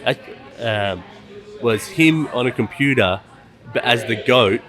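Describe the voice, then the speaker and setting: A man's voice: mid-range voice, expressive, slow pace, a bit bright, soft background music. A man hosting a podcast in casual chat, laid-back, swearing and laughing easily. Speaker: podcast host and illustrator. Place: coffee shop.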